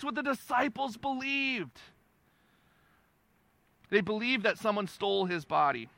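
A male pastor delivering a sermon in a conversational, emphatic way, repeating phrases for stress and swinging between quiet and loud. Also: high-pitched, lively intonation, unhurried, vocal fry, long pauses, dry recording.

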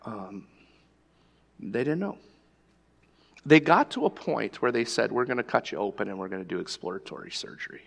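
A man's voice: lowish voice, expressive, normal speed, gravelly, long pauses, fairly bright tone, big-room sound. A male pastor preaching a sermon, telling a personal story in a conversational storytelling way.

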